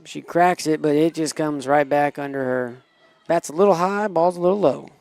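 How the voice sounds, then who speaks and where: Gravelly excitable man calling softball. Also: a little high, moderate pace, no room sound. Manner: excitable, chatty, cheers on batters. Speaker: play-by-play commentator. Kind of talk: casual high school softball commentary. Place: small school TV studio booth.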